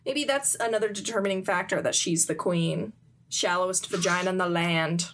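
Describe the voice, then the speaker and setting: A woman's voice: fairly low pitch, normal speed, a bit bright. A woman in casual chat, animatedly retelling a story and acting out the characters' lines. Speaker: podcast co-host recapping a comic.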